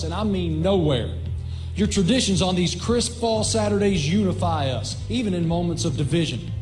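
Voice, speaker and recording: A man's voice: sits high, a little mellow. A man from Virginia reading a heartfelt letter for a television piece.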